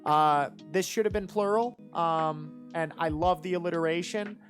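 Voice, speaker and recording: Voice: medium pitch, normal speed, faint music behind. A judge talking through written rap verses live, enthusiastic and rambling, with lots of fillers and restarts. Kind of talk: live commentary and critique.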